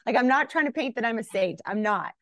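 Lively, blunt Canadian woman on a podcast. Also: fairly high pitch, quick pace, dry recording. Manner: lively, blunt, acts out her own thoughts in raised voices. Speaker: podcast guest. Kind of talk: casual interview chat.

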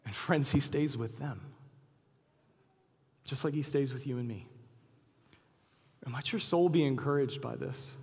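A man preaching a sermon as pastor, earnest and animated, acting out quotes in lively voices. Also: on the high side, breathy edge, long reverb tail.

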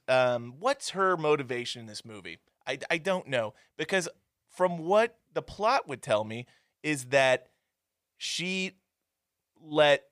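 A man with a fairly high voice talks through a film in casual podcast chat. He is sarcastic and slips into mocking voices to act out quotes. The sound is dry and close, with no room echo. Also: fairly bright tone. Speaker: podcast co-host. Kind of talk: casual movie review chat.

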